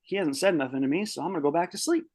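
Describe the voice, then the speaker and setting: A young man telling a story from his own life in a casual, profane, animated way. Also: fairly high pitch, very fast, no room sound. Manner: profane, animated storyteller who shouts out his quoted outbursts. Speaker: podcast guest.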